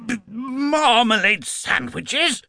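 High, drawn-out, sarcastic schoolmaster, as a man puts him on, bellows at the class. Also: wildly swooping pitch, a bit bright, no echo, studio quality, full character voice. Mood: stern. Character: stern sarcastic middle-aged male schoolteacher.

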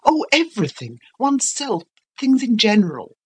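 A woman's voice: on the high side, very animated, normal speed, breathy edge, voice pushed up, exaggerated voice. A woman voicing an ironic, restless young woman in an audiobook reading, cool and probing.

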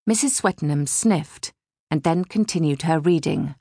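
A woman narrating a classic mystery audiobook in a measured, storytelling manner. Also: low voice, vocal fry, mellow, no room sound, studio quality. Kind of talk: scripted narration.

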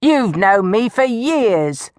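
Woman doing a shrill coarse old village crone. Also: big pitch swings, slow, a little mellow, no room sound, clean studio sound. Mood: indignant. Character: crude sagging old village woman accuser.

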